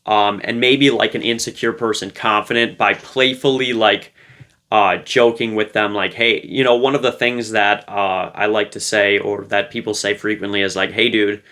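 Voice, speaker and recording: Speaking to camera, a man offers casual relationship advice in a loose, playful, light-hearted way, full of fillers. His voice is lowish, bright and forceful, with fairly even intonation and a moderate pace.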